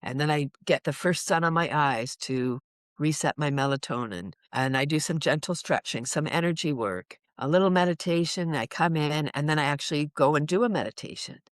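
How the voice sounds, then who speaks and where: A laughter yoga teacher chats in a casual interview, animatedly acting out little voices and laugh sounds as she talks. Her voice sits low and moves fairly quickly, with no echo.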